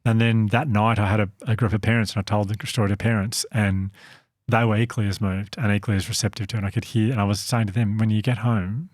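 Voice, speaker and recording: A man's voice: fairly low pitch, flat delivery, quick pace, no echo, studio quality. A man co-hosting a podcast, telling a story about his work in an earnest, self-deprecating way. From Australia. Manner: earnest, self-deprecating, laughs at own slips. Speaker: podcast co-host and company founder. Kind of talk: casual storytelling chat.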